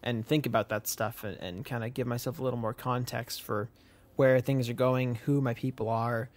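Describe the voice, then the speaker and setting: A young man with a mid-range voice co-hosting a podcast. He talks in a friendly, unhurried way, looping through his points with "uh" and "um". His chat is casual and off the cuff. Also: mid-range voice, steady tone. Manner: friendly, rambling with fillers. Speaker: podcast co-host.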